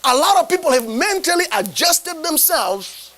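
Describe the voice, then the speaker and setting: A man's voice: very high voice, very animated, moderate pace, sharp tone, low-quality recording. A man preaching a sermon as a bishop, emphatic, tossing rhetorical questions at the congregation.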